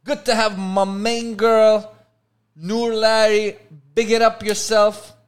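A man putting on a swaggering mock rasta MC voice with loud, playful hype-man patter. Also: high-pitched, little pitch movement, slow, clear, resonant tone, pitched above the performer's own voice. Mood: hyped.

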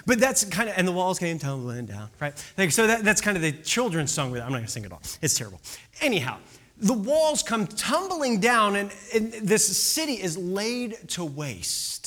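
Brief: conversational preacher, lively delivery, bright tone. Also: mid-range voice, moderate pace. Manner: chatty, rambling, with many restarts and asides. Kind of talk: casual sermon.

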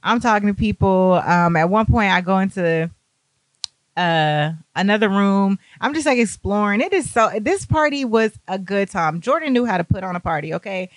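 A young woman telling a party story, animated and profane, acting out what people said. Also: medium pitch, normal speed, dry recording. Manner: animated, profane, acts out quotes. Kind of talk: casual storytime.

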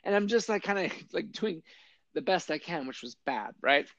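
Guy telling a story on a podcast, gravelly, lots of uhs and likes, dry dull sound. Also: on the high side, moderate pace. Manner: animated storyteller, lively quoted voices, lots of fillers. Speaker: podcast guest, army veteran and yoga teacher. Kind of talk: casual storytelling.

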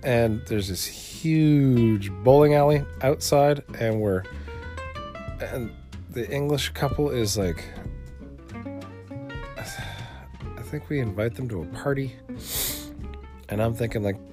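With music playing underneath, a man talks slowly at a medium pitch, pausing often. He's hosting a casual one-man podcast, rambling, swearing freely, and frequently restarting what he's saying.

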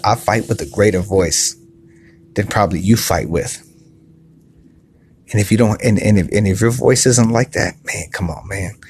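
A man hosting a podcast, giving earnest, repetitive motivational talk in a soft voice, recorded on his phone outside on a patio. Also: on the low side, a little hiss or hum. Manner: earnest, repetitive, restarts often; speaking softly. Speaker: podcast host. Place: outdoor patio by a pool at night.

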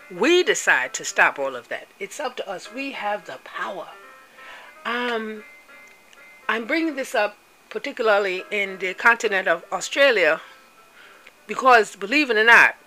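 A woman giving an impassioned monologue, speaking deliberately, stressing and repeating words and spelling some out. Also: medium pitch, pushed and bright, poor audio.

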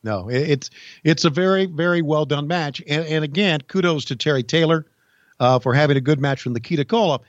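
A man, co-hosting a podcast and telling stories in a folksy, halting way. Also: fairly high pitch, no echo, muffled recording. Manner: folksy storyteller, halting restarts. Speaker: podcast co-host, former wrestling insider. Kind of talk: casual chat, storytelling.

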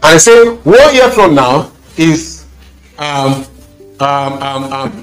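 A man with a Nigerian accent preaching a conference sermon, emphatic and animated, repeating phrases and restarting sentences. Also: fairly high pitch, takes it slowly, faint music behind.

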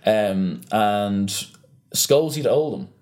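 A young man chatting casually on a podcast, ranting with animated energy and free swearing. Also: on the low side, slow. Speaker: podcast co-host. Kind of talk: casual chat.

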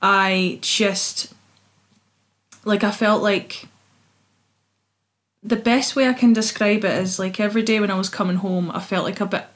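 A woman's voice: medium pitch, fairly even intonation, measured pace, pauses often. A young Scottish woman, a singer-songwriter, chatting expressively as a guest in an interview and laughing easily. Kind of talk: casual interview chat.

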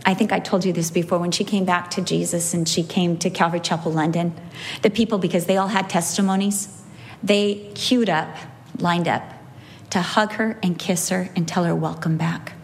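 A woman's voice: lowish voice, normal speed, gravelly. A woman in her fifties teaching a church group, telling personal stories with feeling and acting out the voices of the people she quotes. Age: 50s. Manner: emotional storytelling with animated quoted voices. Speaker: Bible teacher. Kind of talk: women's Bible teaching talk.

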